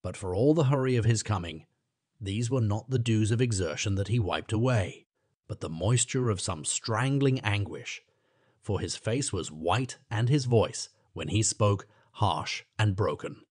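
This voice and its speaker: A man reading a classic novella aloud with an expressive, dramatic delivery. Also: on the low side, a little slow, husky, no echo, clean studio sound. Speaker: audiobook narrator. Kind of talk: scripted narration of a classic novella.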